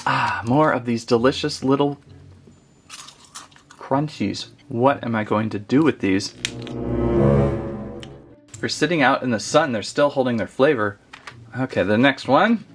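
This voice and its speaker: A man's voice: mid-range voice, unhurried, long pauses, over loud music. A man chatting his way through a casual toy unboxing review, rambling and easily amused.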